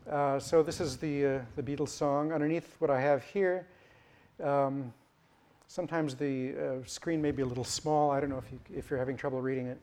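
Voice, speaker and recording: A man giving an academic lecture, halting and restarting often with many fillers. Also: mid-range voice, steady tone, a little mellow.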